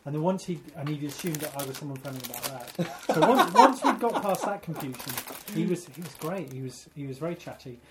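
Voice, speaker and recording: A man on a podcast, chatty and halting, telling a story with fillers and frequent laughs. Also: a little high, lively intonation, very noisy. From Isle of Man. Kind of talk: casual chat, storytelling.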